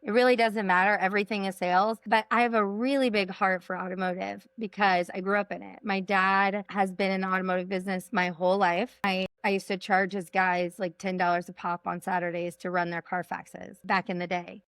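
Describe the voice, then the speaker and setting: A woman's voice: mid-range voice, little pitch movement, brisk, few pauses, fairly bright tone, clean tone, no echo. A woman from Texas, a sales coach, talking emphatically in a podcast interview and repeating her points for punch. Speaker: executive coach and sales trainer, guest.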